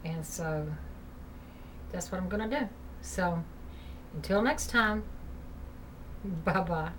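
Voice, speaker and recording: A woman's voice: fairly low pitch, takes it slowly. A woman vlogger at home, chatting loosely through a ghost story and filling her talk with "you know". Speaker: vlogger telling ghost stories. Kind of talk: casual spoken storytelling. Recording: distant mic, faint background hiss.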